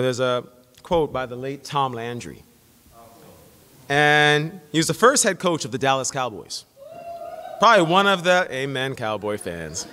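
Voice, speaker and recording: Middle-aged male pastor, lively sermon voice, bright and forceful, long church-hall echo. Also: mid-range voice. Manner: animated storytelling, acts out quotes. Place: church sanctuary.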